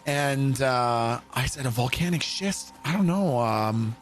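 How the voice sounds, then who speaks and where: A man's voice: medium pitch, animated, takes it slowly, faint music behind. A man streaming a game, telling stories in a casual, profane way and often breaking into laughter. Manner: profane, laughing, swings into loud shouted impressions. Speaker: livestreamer. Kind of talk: casual storytelling while gaming.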